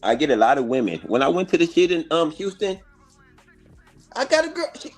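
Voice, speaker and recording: Husky guy arguing his point hard, swings up and down a lot, cussing. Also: on the high side, huge pitch swings, a little fast, soft background music. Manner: blunt, argumentative, profane. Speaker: panelist. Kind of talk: heated casual debate.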